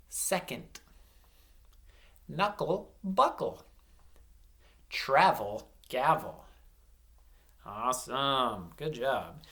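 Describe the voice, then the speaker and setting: A man's voice: mid-range voice, bright, forceful tone. A male teacher leading an early-grade reading lesson for children, spelling words out letter by letter and chanting rhymes as he claps out syllables.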